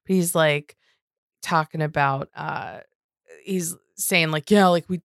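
A woman's voice: deep voice, steady tone, slow pace, dry recording, clean studio sound. A woman co-hosting a podcast, recapping a reality show in casual, sarcastic, exasperated talk with some swearing. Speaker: podcast co-host.

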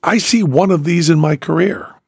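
Gravelly older man telling a story. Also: on the high side, normal speed, no echo, clean studio sound. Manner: animated storyteller acting out other people's lines. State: sore throat after a procedure. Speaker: podcast host. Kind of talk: casual storytelling chat.

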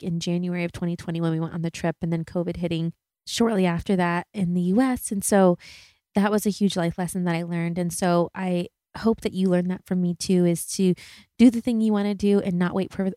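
A woman's voice: lowish voice, steady tone, brisk, dark tone, no echo, studio quality. A woman in her thirties hosting a solo podcast, talking in an earnest, chatty way and often filling with "like" and "you know". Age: 30s. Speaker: podcast host. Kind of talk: reflective solo podcast monologue.

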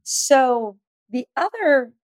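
A middle-aged woman speaking as the expert guest on a parenting podcast, telling stories lively and acting out the dialogue. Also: high-pitched, very slow, dry recording. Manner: animated storyteller, acts out dialogue. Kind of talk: podcast interview.

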